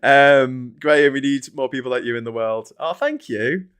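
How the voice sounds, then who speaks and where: A man's voice: mid-range voice, normal speed, fairly bright tone, smooth. A man with a Scouse accent hosting a political livestream, reading chat and ranting with plenty of swearing. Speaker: live stream host.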